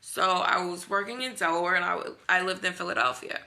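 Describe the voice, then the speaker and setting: A woman's voice: lowish voice, a little fast, gravelly. A young woman telling a personal story in a vlog, acting out the dialogue and using lots of fillers. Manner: animated retelling, acts out dialogue, filler-heavy.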